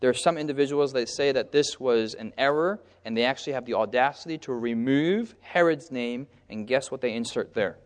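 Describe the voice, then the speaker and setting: A man preaching a lively sermon at a middle pitch, stopping mid-verse so his listeners call out the missing word. His voice rings with a long reverb, as in a church hall. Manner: pauses on a word and asks the listeners "what?" so they call out the answer; lively, acts out the crowds in brief character voices.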